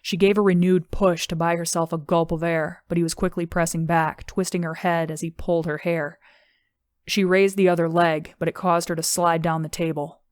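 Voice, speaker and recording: Low, even-toned woman narrator. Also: normal speed, no echo. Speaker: audiobook narrator. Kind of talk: scripted narration.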